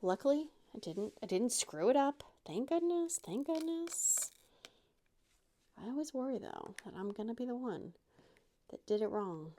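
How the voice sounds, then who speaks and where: A woman's voice: medium pitch, animated, a little fast, dark tone, slight background noise. Woman vlogger, chatty crafting host, rambling and self-mocking. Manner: chatty, self-deprecating, rambling with many restarts.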